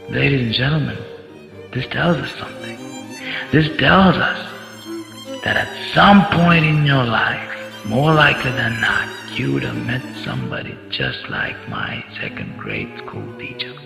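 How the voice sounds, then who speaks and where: A man's voice: mid-range voice, very animated, a little slow, creaky, sharp tone. A man telling a story in a speech to an audience, in a dramatic way and with questions to the crowd. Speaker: contest speaker. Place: large hall. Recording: echoey hall, dull sound, faint music.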